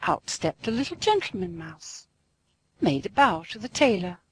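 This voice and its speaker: A woman narrating a classic storybook aloud in an expressive, sing-song way. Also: medium pitch, normal speed, slight background noise, low-quality recording.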